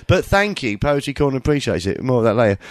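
A man's voice: medium pitch, very animated, fast, no room sound, studio quality. A man co-hosting a podcast, sweary and mocking, a bit tipsy. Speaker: podcast co-host. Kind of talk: irreverent podcast banter.

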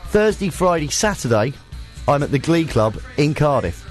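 A man's voice: a little high, very animated, moderate pace. A British man co-hosting a podcast, chatting casually with crude, joking banter. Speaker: podcast co-host, comedian. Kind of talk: casual chat. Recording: faint music bed behind.

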